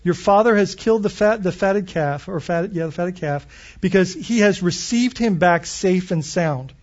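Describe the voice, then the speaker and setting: A man's voice: high voice, normal speed, muffled recording. A man preaching a morning sermon as pastor, reading scripture aloud and explaining it with questions to his listeners.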